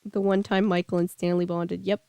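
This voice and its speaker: A woman's voice: on the low side, little pitch movement, moderate pace, gravelly, mellow, clear, resonant tone, no echo, clean studio sound. A woman hosting a casual read-aloud, breaking off into rambling, chatty asides full of fillers. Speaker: book reading host.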